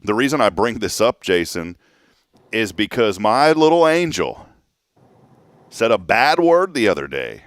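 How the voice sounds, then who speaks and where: A man in his thirties tells a family story in a relaxed talk-show chat. His voice rises and falls a lot and he laughs often. The sound is close and dry, with no room around it. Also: on the low side, unhurried, pauses often, no room sound. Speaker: co-host. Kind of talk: casual chat.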